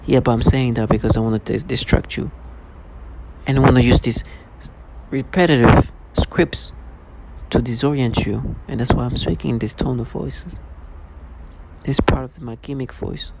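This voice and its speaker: A menacing male harasser speaks in a low, mocking murmur, taunting as he goes, put on by a man. The voice has a gravelly edge, and steady noise sits behind it. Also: normal speed, long pauses, natural voice. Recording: noisy background.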